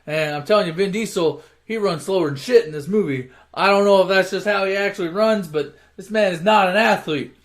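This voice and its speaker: Offhand, swearing man, fairly high voice. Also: a little fast, hardly any pauses. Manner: profane, offhand, self-correcting. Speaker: storyteller. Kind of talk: casual comic movie retelling.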